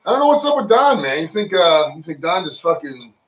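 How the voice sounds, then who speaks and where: A man with a higher, sing-song voice and a fairly bright tone hosts a casual home livestream, talking fairly quickly. He rambles among friends, joking and cursing off the cuff. The mic is distant and the sound roomy.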